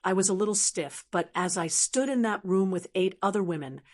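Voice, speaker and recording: Calm older woman narrating her own story. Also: medium pitch. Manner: calm, reflective, measured. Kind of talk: first-person story narration.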